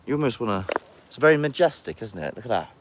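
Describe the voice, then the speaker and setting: A man chatting casually while live-streaming outdoors among castle grounds and woods, his voice at a middling pitch. He rambles loosely, greets viewers by name, and talks into a handheld phone. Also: sing-song, fast, a little hiss or hum. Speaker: paranormal investigator streaming live.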